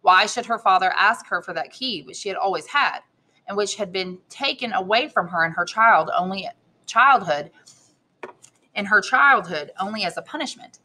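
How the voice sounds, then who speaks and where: A woman, an English teacher, reading a novel aloud with expressive delivery, lifting her voice for the characters' lines. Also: normal speed. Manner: expressive reading, raises pitch for quoted characters.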